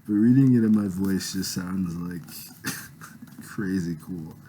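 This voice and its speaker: A man's voice: low voice, slow pace, dark tone, slight background noise, low-quality recording. A man reading his own novel aloud with a home microphone, casual and self-conscious in his asides. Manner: laughs off awkward passages, casual.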